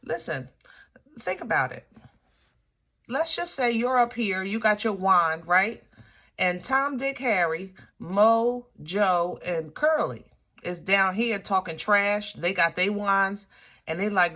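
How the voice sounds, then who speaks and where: A woman with a bright, ringing voice gives a casual tarot reading on camera. She talks like a preacher giving testimony and keeps checking in with her listeners. She often breaks the weight with playful asides. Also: mid-range voice, animated, takes it slowly. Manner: preachy and testifying, checks in with "okay?" and "you understand?"; playful asides and laughter between serious points. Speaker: tarot reader.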